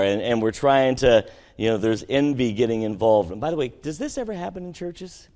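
A man preaching a sermon to his congregation, asking them questions and swinging between emphatic peaks and quiet conversational asides. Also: medium pitch, lively intonation, a little fast. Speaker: pastor. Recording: long hall reverb.

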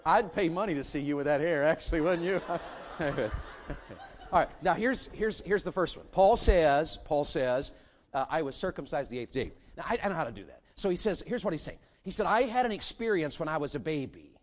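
A man preaching a folksy, animated sermon in a church, repeating phrases for emphasis. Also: fairly high pitch, brisk. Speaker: pastor. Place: church sanctuary.

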